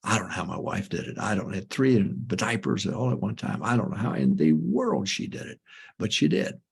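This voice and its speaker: Older man, pastor, folksy advice talk, gravelly, husky, emphatic repetition. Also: fairly low pitch, sing-song, moderate pace. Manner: emphatic, repeats admonitions, folksy anecdotes.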